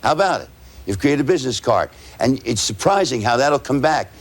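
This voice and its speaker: In this lecture to salespeople, a male sales trainer speaks in a mid-range voice that swings widely in pitch. He moves through his approach step by step, spelling words out slowly and ending points with a rhetorical "right?"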